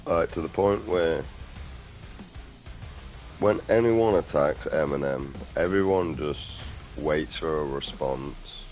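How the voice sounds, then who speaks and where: A man's voice: a bass voice, takes it slowly, darkish tone, faint music behind. A middle-aged man, rambling crudely and outspokenly in a casual vlog monologue. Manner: crude, outspoken, mumbling asides. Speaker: vlogger.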